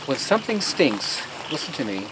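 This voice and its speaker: A man's voice: medium pitch, big pitch swings, normal speed. Earnest man telling stories outdoors. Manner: earnest, emphatic, preacher-like asides. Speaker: gardener showing his garden. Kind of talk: casual storytelling while giving a tour. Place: outdoors in a garden and orchard. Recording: outdoor noise on a field recording.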